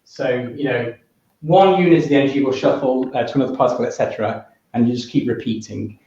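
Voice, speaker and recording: Recorded from far off in an echoey, dull hall, a British man gives a physics workshop lecture, thinking aloud with many restarts and quizzing the audience. His voice is medium-pitched, fast and dark in tone.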